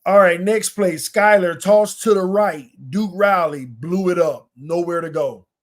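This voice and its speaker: A man's voice: high voice, measured pace. A man hosting a casual sports podcast, breaking down plays in an emphatic, colloquial way and repeating points for effect.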